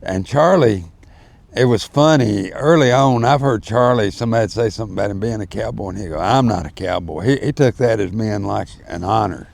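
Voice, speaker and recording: A low-voiced older man with a drawl and a gravelly edge. He rambles through folksy stories in a casual interview, full of fillers and asides. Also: a little fast, a little mellow. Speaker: interview guest. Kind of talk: storytelling in casual chat.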